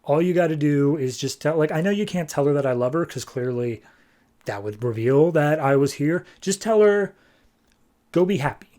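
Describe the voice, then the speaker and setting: A desperate, remorseful scientist father, as a man puts him on, pleading urgently and giving hurried instructions. The voice sits a bit above the man's usual pitch. It is close to his own talking voice. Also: expressive, mellow, natural voice.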